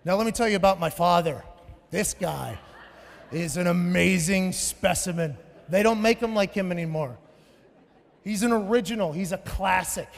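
A man in his thirties performs a stand-up set on a big stage, spinning stories in a loud, profane way that bursts into shouts. His voice sits high, and it rings out through a live hall with a long reverb tail. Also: normal speed, creaky. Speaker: stand-up comedian. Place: large venue on stage.

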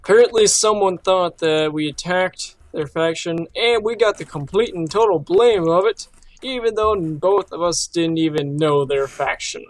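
Young male co-player, a touch high-pitched, dry joking delivery. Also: normal speed, no room sound. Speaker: co-host and friend. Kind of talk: casual gameplay commentary.

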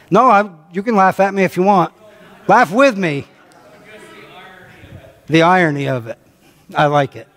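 American male pastor, slightly high voice, conversational sermon, long church-hall reverb. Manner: conversational preaching, calls on the congregation, repeats phrases for emphasis. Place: church sanctuary.

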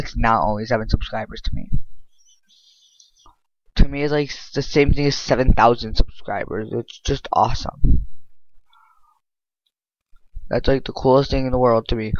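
A man giving casual, excitable game commentary, rambling with lots of filler words. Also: mid-range voice, moderate pace, pauses often, no echo. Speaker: gameplay commentator. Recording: dull lo-fi dry mic.

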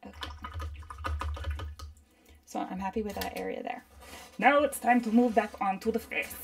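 A woman's voice: medium pitch, moderate pace, vocal fry, recorded from a distance. A woman teaching a live painting demo at her desk, chatting and rambling to herself as she works. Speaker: art instructor.

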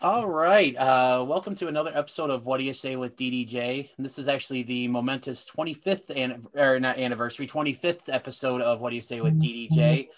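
A man's voice: medium pitch, steady tone, quick pace, few pauses. A man hosting a wrestling podcast, introducing his guest in a friendly, rambling way with fillers and restarts. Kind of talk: casual interview hosting.

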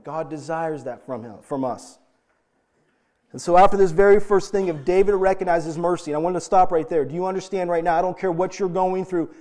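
Male pastor, middle-aged, high voice, earnest emphatic sermon delivery. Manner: earnest, emphatic preaching with direct questions to the congregation.

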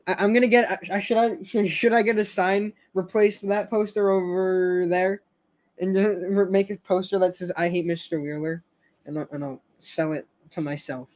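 High-voiced young man rambling about a show. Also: steady tone, moderate pace, a little mellow. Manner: rambling, stammers and restarts, laughs often. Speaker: show fan host. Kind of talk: casual fan commentary stream.

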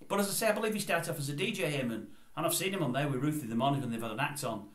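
A man's voice: on the high side, expressive, rapid-fire, fairly bright tone. An older man giving his opinions in a casual vlog, rambling and going off on tangents. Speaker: YouTube commentator. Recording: roomy echoey room.

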